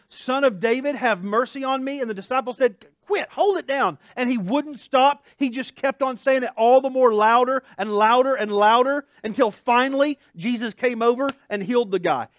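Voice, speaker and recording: A man preaches a sermon in a loose, conversational way, tossing in jokes and asides as he goes. His voice sits high and swings widely in pitch. The sound is dry and close. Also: no room sound. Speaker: pastor. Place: church.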